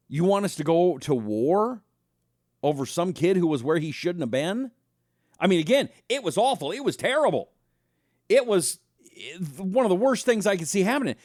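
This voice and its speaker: A man hosting a talk show, delivering a casual monologue as an animated storyteller who speaks straight to his audience. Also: high-pitched, normal speed, no echo, studio quality. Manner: animated storyteller, acts out voices, talks directly to the audience.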